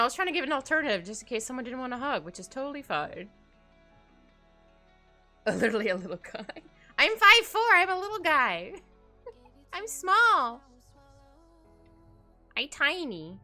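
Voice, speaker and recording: A young woman streams while drawing, chatting casually, rambling and giggling often. Her voice is high with a sharp tone, and faint music plays in the background.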